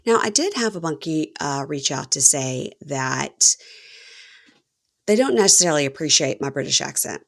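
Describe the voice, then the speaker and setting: A woman with a Southern accent hosting a casual reality TV recap podcast, chatty and self-deprecating with quick asides. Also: deep voice, expressive, vocal fry, fairly bright tone. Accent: Southern American. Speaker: podcast host.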